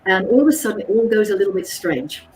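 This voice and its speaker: Woman trainer, mellow voice, lively coaching tone, roomy echo, faint noise. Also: mid-range voice, fast, distant mic. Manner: animated, checks in with listeners, acts out dialogues. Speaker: psychologist and communications trainer. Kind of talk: workshop talk.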